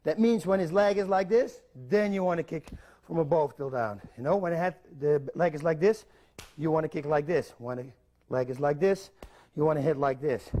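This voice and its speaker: Dutch-native man, fairly high voice, martial arts instructor, blunt repeated cues, counting steps. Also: moderate pace, warm tone, slight background noise. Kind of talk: instructional video demonstration. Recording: instructional videotape.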